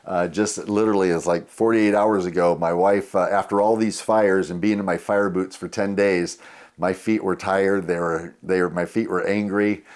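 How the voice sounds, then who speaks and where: An older man in his sixties with a somewhat low voice, telling casual stories as a podcast guest. He rambles warmly, with plenty of "you know" and "uh" along the way. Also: fairly even intonation, normal speed. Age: 60s. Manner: rambling, warm anecdotes with many fillers. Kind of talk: casual storytelling.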